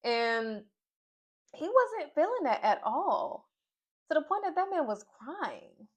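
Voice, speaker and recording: A woman's voice: high-pitched, very animated, takes it slowly. A young woman from Nashville giving a casual, opinionated recap of a reality show, full of fillers and asides. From Nashville, Tennessee. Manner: chatty, opinionated, lots of fillers. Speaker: reality TV reviewer. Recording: slightly dull lo-fi audio.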